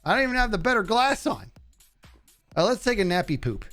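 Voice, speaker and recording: A man's voice: a little fast, faint music behind. A man streaming a game live, chatting goofily with his viewers as he plays. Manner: goofy, talks to chat, jumps high in excitement. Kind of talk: live gameplay commentary.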